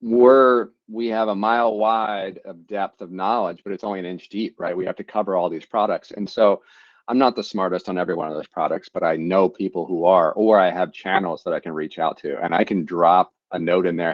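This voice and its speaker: A man hosting a live online forum, moderating in a relaxed, conversational way. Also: sits low, a little fast, no echo. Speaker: host. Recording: dry, lo-fi video call audio.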